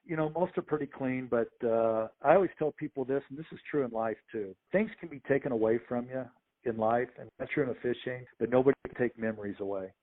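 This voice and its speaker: Middle-aged guy telling ref stories on a podcast, acts out voices, average pitch, sounds like he's on the phone. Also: quick pace. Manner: lively anecdotes, acts out the voices of others. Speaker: sports official, podcast guest. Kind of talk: conversational storytelling interview. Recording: tinny phone line.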